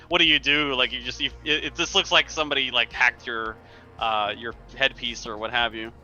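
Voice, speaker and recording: A man's voice: mid-range voice, fairly even intonation, moderate pace, pushed and bright, lo-fi sound, faint music behind. A man narrating a tabletop role-playing game as game master, loose and rambling, with frequent laughs. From United States.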